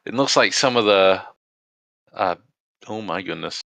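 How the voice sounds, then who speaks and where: A man serves as game master, narrating scenes in a halting, stop-and-start way. His voice is bright and forward, recorded close and dry with almost no room sound. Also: sits low, expressive, creaky, dry recording, dull audio.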